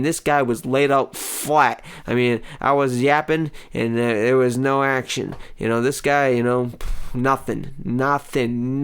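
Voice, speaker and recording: A man hosting a comedy show, telling a rambling personal story with many pauses and mock-dramatic outbursts. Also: medium pitch, clean tone. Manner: hesitant, full of ums, mock-dramatic outbursts. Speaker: comedy podcast host. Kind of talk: rambling comic monologue.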